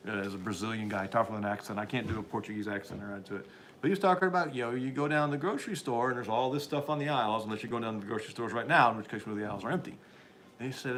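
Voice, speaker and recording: Reading viewer chat on his livestream, a man offers rambling, opinionated replies, frequently restarting sentences and chuckling as he goes. His voice is lowish and a bit bright, over slight background noise.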